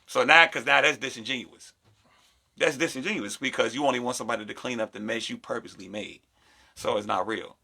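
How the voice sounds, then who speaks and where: Bright, creaky-voiced man talking animatedly. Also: medium pitch, a little fast. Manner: animated, acts out quoted voices. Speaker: podcast co-host. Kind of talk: casual podcast chat.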